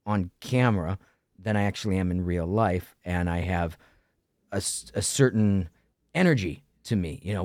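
A man hosting an interview podcast, talking casually in a chatty, lively way. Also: fairly low pitch, no room sound, clean studio sound. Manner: lively, chatty, laughs often. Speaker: podcast host.

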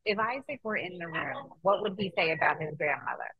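A woman's voice: on the low side, lively intonation, fairly quick, highs cut off, a loud crowd. A woman in her forties hosting an interview in an affirming, faith-filled manner. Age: 40s. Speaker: host. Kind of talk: casual interview.

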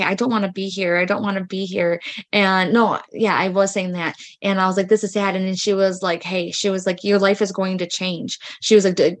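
Chatty woman telling spiritual stories. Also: on the low side. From United States. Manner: chatty, lots of "like" and "freaking". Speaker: podcast host. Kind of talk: casual storytelling monologue.

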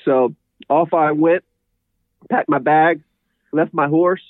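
A man's voice: fairly high pitch, slow, dry recording. A man being interviewed, telling his story in a rambling, casual way and laughing often. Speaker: guest, horse trainer. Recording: tinny phone-like line.

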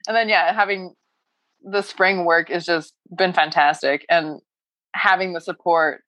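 A woman's voice: fairly low pitch, steady tone, unhurried, a bit bright, dry recording, lo-fi sound. Emotional, laughing woman sharing her story. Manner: emotional, laughs often, rambling. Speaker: coaching client. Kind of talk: casual heartfelt chat.

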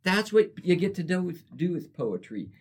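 A man co-hosting a podcast, chatting and reading his own rhyming poem, halting and repeating words as he talks. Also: sits high, big pitch swings, breathy edge. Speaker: podcast co-host. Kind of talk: casual chat and poetry reading.

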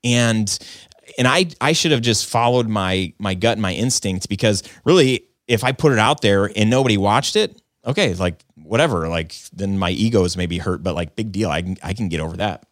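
A man's voice: lowish voice, moderate pace, no room sound, clean studio sound. A man who runs a video business, telling his story in an earnest, rambling way, full of "like" and "um". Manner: rambling, filler-heavy with frequent "like" and "um"; earnest and self-reflective. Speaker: video business owner and podcaster. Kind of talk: casual conversational storytelling.

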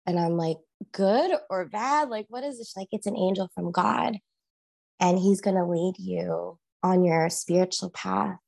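A young woman with a fairly low, creaky voice tells a personal story as a guest. She is casual and animated, laughs often, acts out things she once said, and fills her speech with "like".

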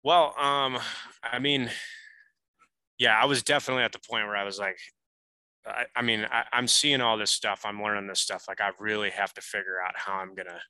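A man telling a hunting story as a podcast guest, animated and full of casual fillers. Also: on the low side, moderate pace, smooth, no echo, rough recording.

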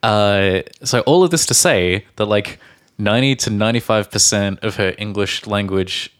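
Male podcast co-host, lowish voice, chatty rambling storyteller. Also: normal speed, clear, resonant tone. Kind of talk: casual chat.

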